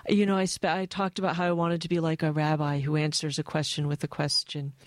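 An American woman reading aloud from her own essay and talking about it, thoughtful and wry, with a flat voice and frequent asides. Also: sits low, quick pace, no echo. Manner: thoughtful, wry, given to digressions. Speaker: author.

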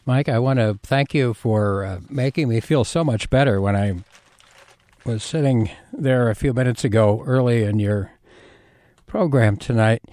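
A man's voice: medium pitch, a little slow, a little mellow, no echo. Chatty male radio host who rambles and restarts, recorded dry and close in a studio. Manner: rambling, frequent uhs and restarts. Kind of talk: casual radio chat. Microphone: studio mic.

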